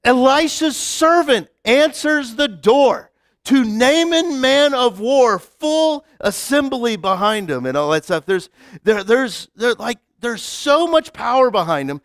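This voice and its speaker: Animated high-voiced man preaching casually. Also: takes it slowly, no room sound, clean studio sound. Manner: chatty, full of "like" and restarts, acts out quoted lines. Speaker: pastor. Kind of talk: casual storytelling sermon. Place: church sanctuary.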